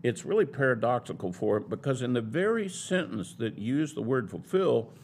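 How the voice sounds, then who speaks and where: A male Bible teacher giving a sermon-style lesson, pressing each point with emphasis. His mid-pitched voice has a gravelly edge and swings widely up and down as he argues. A faint hiss sits under the recording. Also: sing-song, normal speed. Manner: emphatic, argumentative.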